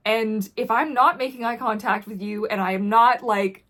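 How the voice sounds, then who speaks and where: A woman vlogger talking candidly to camera in a blunt, intense way that drops to quiet when the subject gets heavy. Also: fairly high pitch, fairly even intonation, moderate pace.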